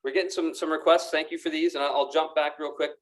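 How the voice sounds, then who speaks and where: A man's voice: a little high, steady tone, quick pace, poor audio. A man presenting golf gear in a pro shop, upbeat and gushing, with frequent fillers and restarts. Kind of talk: live product demonstration. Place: golf club pro shop with racks behind.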